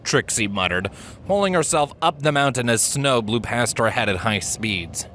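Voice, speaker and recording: A man narrating a fan story aloud in a lively, expressive storytelling manner. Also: mid-range voice, normal speed, a little hiss or hum. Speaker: reader.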